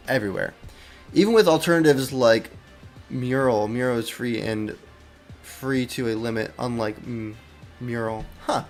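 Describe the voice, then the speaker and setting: Rambling man with a worn, deepening voice. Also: normal speed, soft background music. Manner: rambling, full of fillers and self-interruptions; easily sidetracked, talks to himself. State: voice worn and going low. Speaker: indie game developer streaming his work. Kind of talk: casual live-stream chat while working.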